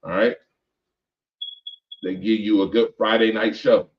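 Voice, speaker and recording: A man's voice: on the low side, fairly even intonation, unhurried, slight background noise. A man hosting a radio show, ranting casually and emphatically about football, repeating lines for effect. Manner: laughs between remarks. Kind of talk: casual sports rant. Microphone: personal microphone. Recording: echoey, distant, dull mic sound.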